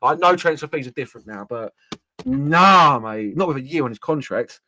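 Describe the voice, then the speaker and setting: Lad, slangy football banter, lively bright voice, dry close mic. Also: male voice, medium pitch, moderate pace, slight background noise. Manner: animated, slangy, jokey. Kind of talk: casual football chat.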